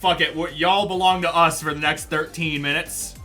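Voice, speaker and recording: A man's voice: fairly high pitch, fairly even intonation, moderate pace, pushed and bright, faint music behind. A man casting an esports match and hosting the stream, talking casually and bluntly and swearing freely. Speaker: esports caster and stream host. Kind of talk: live esports casting banter.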